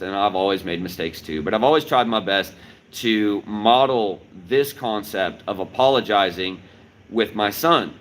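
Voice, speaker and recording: Low-voiced man teaching. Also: fairly bright tone, a little hiss or hum, rough recording. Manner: explanatory, repeats key points with "right?". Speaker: martial arts instructor. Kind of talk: livestreamed talk to viewers.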